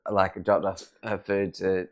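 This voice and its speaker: An Australian podcast guest with a low voice, flat delivery, and measured pace tells sweary, rambling stories. It's a casual chat at home at night.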